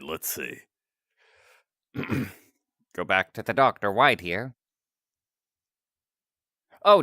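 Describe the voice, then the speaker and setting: A man's voice: medium pitch, a bit bright, no room sound. A talkative male streamer going over viewer requests in an easygoing way, laughing at himself as he goes. His voice moves up and down a lot, and the sound is dry and close to the mic. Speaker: streamer taking chat requests. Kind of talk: casual chat.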